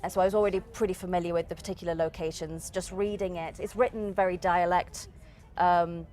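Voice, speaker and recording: A woman's voice: on the low side, fairly even intonation, fairly quick, darkish tone. A young woman with a Northern English accent, a stage actress chatting as a guest in a TV interview, laughing often and restarting her sentences. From England. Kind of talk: casual TV interview.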